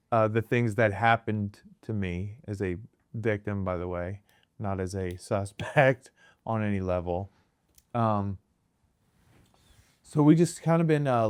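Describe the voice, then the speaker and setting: A young man co-hosting a casual comedy podcast, joking with a deadpan tone and laughing often. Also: on the low side, smooth. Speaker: podcast co-host.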